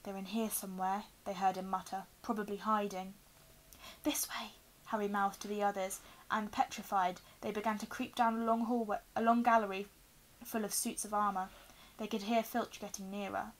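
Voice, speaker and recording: A woman reading a children's novel aloud, telling it expressively and giving the quoted lines lively voices. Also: medium pitch, brisk, rough recording. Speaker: reader.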